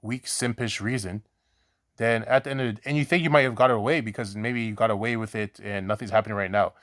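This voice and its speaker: A man's voice: on the low side, steady tone, fast, a bit bright, no echo, studio quality. A man giving an informal scripture teaching, talking conversationally, often asking "right?" and repeating himself, blunt and at times profane. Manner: conversational, repeats 'right?' and restarts; blunt, swears in examples. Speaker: preacher.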